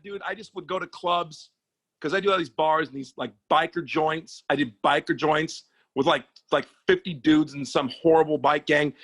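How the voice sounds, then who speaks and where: Man, comedian guest, bright high voice, profane animated storyteller, dry close mic. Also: no room sound. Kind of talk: casual storytelling chat. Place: podcast studio.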